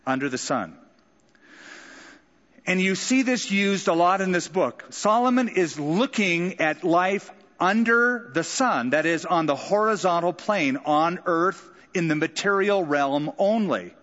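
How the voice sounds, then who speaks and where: Conversational preacher in a reverberant hall. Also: male voice, sits high, expressive, measured pace, a bit bright, dull audio. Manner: conversational preaching with dramatic quoted voices. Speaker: pastor. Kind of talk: sermon.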